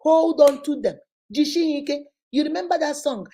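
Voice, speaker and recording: A middle-aged Nigerian woman lectures her viewers on friendship in a lively, preachy vlog voice, slipping into the voices of the people she quotes. Her tone is mellow and warm, pitched a touch high for a woman. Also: normal speed, rough recording. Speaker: vlogger giving life advice. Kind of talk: motivational talk to camera.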